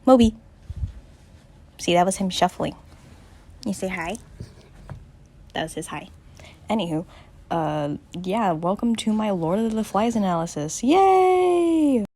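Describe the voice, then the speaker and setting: A woman's voice: lowish voice, unhurried, pauses often, dark tone. A teenage girl casually summarizing a book, rambling and jokey, with many "like"s. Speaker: student doing a book summary. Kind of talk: casual chat.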